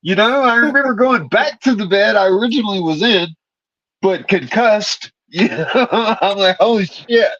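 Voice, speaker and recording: A man with a fairly high voice tells a wild, foul-mouthed story and laughs along. The audio is dull and lo-fi, with a dry, close sound. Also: normal speed, dry recording. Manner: profane, animated, laughing. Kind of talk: casual storytelling chat.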